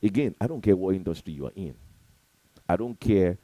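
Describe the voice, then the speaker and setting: A man giving an emphatic, preachy motivational talk to camera, repeating his points and swinging between loud and soft. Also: low-pitched, lively intonation, brisk, no echo, low-quality recording. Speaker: motivational speaker.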